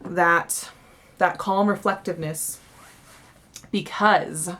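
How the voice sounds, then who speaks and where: A young woman talks through a tarot spread in a loose, chatty way, often restarting her sentences. Her voice sits a bit low for a woman. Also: fairly even intonation, slow. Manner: chatty, warm-hearted, many fillers and restarts. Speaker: tarot reader. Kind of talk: casual monthly tarot reading.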